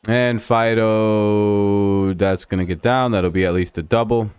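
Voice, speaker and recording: Brief: low, smooth male streamer calling a ball game live with chat, excitable and foul-mouthed, dry close mic. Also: unhurried, no room sound. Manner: excitable, swears freely, banters with chat. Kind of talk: casual live-stream baseball commentary.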